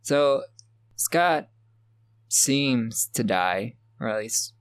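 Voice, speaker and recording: A man with a smooth mid-range voice and lively intonation speaks very slowly in a clean studio with no room sound. As a podcast co-host, he recaps a horror film beat by beat in a casual way, laughing often.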